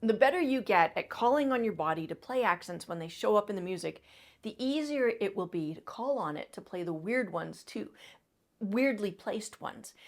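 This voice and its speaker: Female trumpet teacher, encouraging instructional delivery, mid-range voice. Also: mid-range voice. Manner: encouraging, demonstrative, coaching with breath cues. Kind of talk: instructional video talk.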